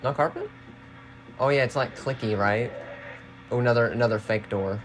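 A woman co-hosting a casual let's-play, chatting and loudly coaching the player through fights. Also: a bass voice, normal speed, soft background music. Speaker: co-host watching a game being played.

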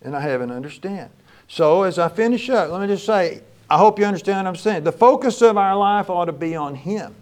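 High, lively-voiced preaching pastor. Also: male voice, brisk. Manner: impassioned preaching, swings between loud exclamations and quiet low lines. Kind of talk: sermon.

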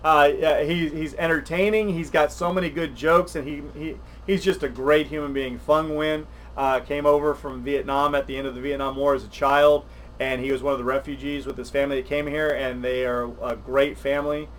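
An older man, chatting on a podcast livestream, rambling and animated with many restarts. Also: fairly high pitch, brisk, slight background noise. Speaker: podcast co-host. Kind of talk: casual chat on a livestream.

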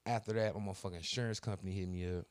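A man's voice: low voice, fairly even intonation, very fast, darkish tone, no echo. A man co-hosting a podcast in casual chat, telling a story with heavy cursing and slang. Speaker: podcast co-host.

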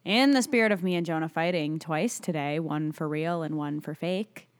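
A young woman co-hosting a podcast, telling a story in animated casual chat. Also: sits low, normal speed. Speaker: podcast co-host.

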